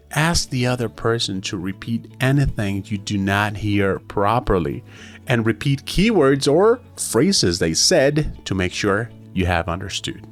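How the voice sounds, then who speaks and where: A man with a slightly low voice teaching English on a podcast in an energetic, enthusiastic way. He keeps things chatty, tossing in "right?" and "hey," and slows down to show a point. Faint music plays underneath. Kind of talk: upbeat podcast lesson.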